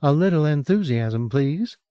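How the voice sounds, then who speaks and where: A man's voice: a little high, expressive, a little slow, dark tone, no echo, pitched above the performer's own voice. A man voicing a pushy woman with a Southern drawl in an audiobook. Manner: pushy, emphatic. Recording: dull lo-fi cassette recording.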